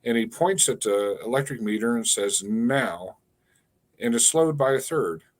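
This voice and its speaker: A man in his sixties from Kansas, a guest telling a long story in an interview, pausing often with fillers and repeated words. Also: medium pitch, expressive. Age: 60s. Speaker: guest, energy healer.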